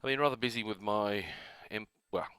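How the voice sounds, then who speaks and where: A man's voice: fairly low pitch, fairly quick, noisy background. A man with an Australian accent, host of a gaming channel, telling a long rambling story in a casual, self-amused way.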